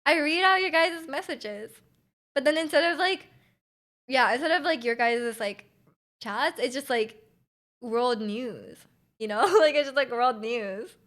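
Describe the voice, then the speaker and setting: A woman's voice: high voice, measured pace, long pauses, a bit bright. A young woman from Canada with a Canadian accent, chatting casually with her stream chat, rambling and trailing off between laughs. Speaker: Twitch streamer.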